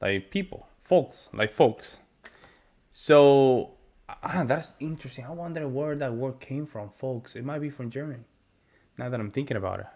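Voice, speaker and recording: A man hosting a reaction video, talking casually with animated interjections and repeated words. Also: mid-range voice, moderate pace.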